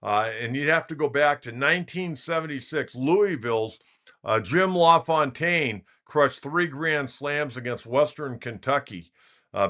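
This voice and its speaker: An older Californian man in his sixties hosts a casual sports radio show, telling folksy, rambling stories full of filler "uhs." His voice sits in the mid-range with a fairly bright tone.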